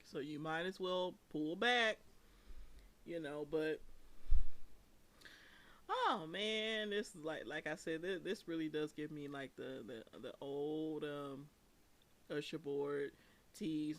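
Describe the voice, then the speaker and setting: A host giving casual reality TV commentary, chatty and quick to laugh, with drawn-out asides. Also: medium pitch. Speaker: recap show host.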